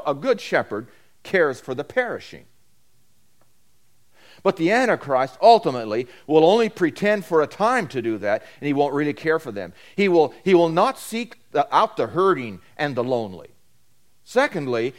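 A man preaching a sermon, swinging between loud emphatic declarations and quieter asides, often repeating key phrases. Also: a little high, very animated, normal speed. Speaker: pastor.

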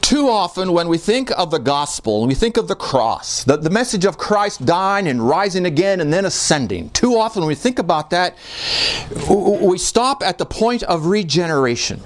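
A man's voice: sits high, moderate pace. A man preaching an expository sermon as pastor, emphatic and repeating key words for force. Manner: animated preaching with emphatic repetitions.

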